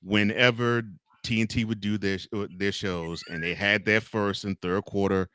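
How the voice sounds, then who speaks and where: A man co-hosting a sports podcast, talking casually with animated delivery and frequent restarts. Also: lowish voice, moderate pace, clear, resonant tone, no room sound. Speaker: podcast co-host.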